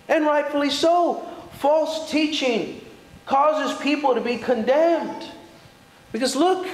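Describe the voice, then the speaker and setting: A man's voice: very high voice, sing-song, measured pace. A man preaching a sermon earnestly, building to emphatic peaks and asking rhetorical questions. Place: church hall. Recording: echoey church hall.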